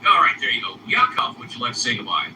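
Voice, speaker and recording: A man hosts a live audio chat room, and his pitch rises and falls a great deal as he moderates. He drags out his calls and repeats phrases. The voice sounds distant and echoey, with clear noise underneath. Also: very animated, quick pace.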